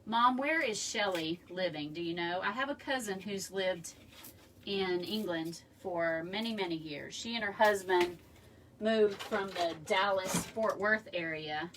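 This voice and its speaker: A woman's voice: medium pitch, measured pace, a bit bright. Chatty woman from across the room. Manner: chatty, rambling, friendly asides to viewers. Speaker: craft tutorial host. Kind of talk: casual live craft tutorial. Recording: room mic from a distance, faint background noise.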